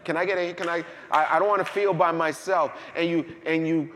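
Male pastor, animated sermon delivery, hushed to shouting, big church hall reverb. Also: a little high, a little fast. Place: church sanctuary.

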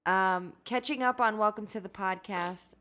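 A woman's voice: mid-range voice, moderate pace, a bit bright. A woman co-hosting a podcast, reading out listener questions in blunt, casual chat and swearing freely.

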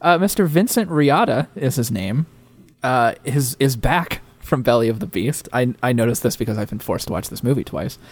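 A man's voice: mid-range voice, animated, normal speed. Eager man rambling on a podcast. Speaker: podcast co-host. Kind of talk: casual chat.

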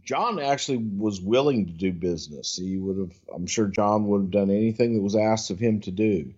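A man's voice: fairly low pitch, normal speed, a little mellow, breathy edge, lo-fi sound. A man telling a blunt story in an archival interview clip.

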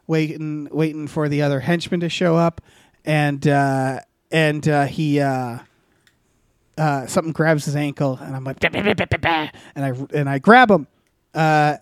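A man's voice: a little high, no room sound, clean studio sound. A man co-hosting a comedy podcast, rambling through an improvised story with many filler sounds and restarts. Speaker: podcast co-host.

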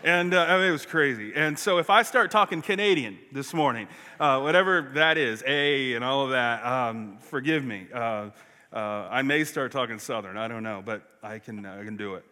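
A man preaching a sermon, telling a story in an animated way with frequent restarts. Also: medium pitch, normal speed. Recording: long hall reverb.

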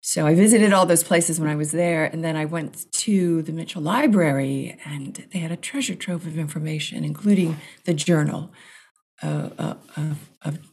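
A woman screenwriter, a guest, telling a story in a casual interview, animated and restarting often. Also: deep voice, normal speed, slightly rough. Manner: animated, restarts often, acts out her own reactions.

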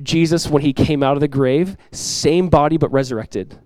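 A middle-aged male pastor preaches at a moderate pace in a church sanctuary, earnest and direct, using repetition to hammer home key lines. He slips into lively everyday voices to make his points; his voice is a bit high for a man, and the recording is close and dry with little room echo.

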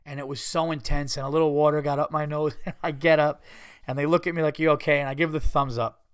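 Profane, animated storytelling man. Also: fairly high pitch, fast talker, clean tone, no room sound, studio quality. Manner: animated, profane, retells scenes with quoted voices. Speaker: podcast host. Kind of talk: casual storytelling monologue.

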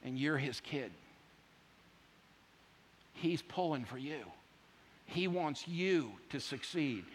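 A man preaching a sermon, emphatic and repetitive, swinging from loud declarations to hushed asides. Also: fairly high pitch, slight background noise. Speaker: pastor. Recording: long hall reverb.

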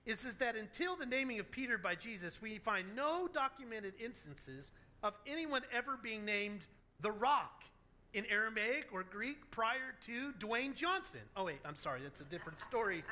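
A man preaching a sermon as a pastor, telling stories in an animated, joking way. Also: high voice, normal speed.

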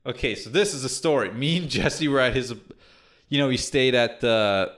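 A man's voice: medium pitch, moderate pace, a bit bright. Rambling young man telling a crude story. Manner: rambling, crude, laughs and restarts often. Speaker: podcast co-host telling a story. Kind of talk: casual chat.

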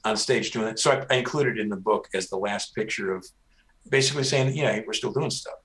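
A man's voice: lowish voice, a little fast, a bit bright. A man hosting a casual interview, chatting with many hesitant restarts. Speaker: host, band author.

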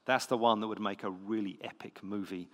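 A man's voice: on the low side, fairly even intonation, fairly quick. A man preaching a sermon, reading scripture and then explaining it in a conversational, emphatic way with the odd filler and restart. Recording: long hall reverb.

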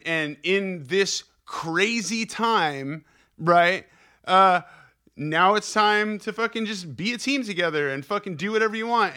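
A man's voice: high-pitched, sharp tone, clear, resonant tone. A young man hosting a podcast, giving a profane, rambling, fired-up pep talk. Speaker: podcast host. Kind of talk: casual podcast monologue.

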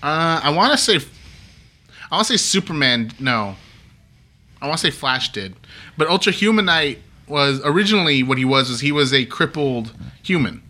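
A man with a bright, forward voice co-hosts a casual podcast. He rambles with enthusiasm, restarts his sentences often, and drifts from one piece of trivia to the next. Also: on the high side, animated, moderate pace. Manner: rambling, enthusiastic, many restarts and acted-out quotes. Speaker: podcast co-host. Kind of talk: casual chat about comics and films.

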